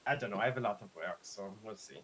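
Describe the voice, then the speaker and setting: A man's voice: lowish voice, fast, a bit bright, slight background noise, lightly acted, low-quality recording. A man voicing a French lifeguard and medic in a game roleplay, speaking with a French accent, chatty and rambling, laughing often and fumbling his R's. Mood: friendly. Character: easygoing young male French lifeguard and medic. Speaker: roleplay streamer. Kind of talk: casual in-character roleplay chat.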